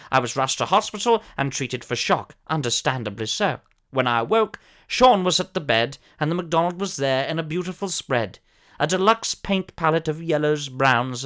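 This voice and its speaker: A man's voice: a little high, a bit bright. A man playing a pompous, posh older former soap actor who tells a comic monologue in a plummy, theatrical voice with sudden shrieks.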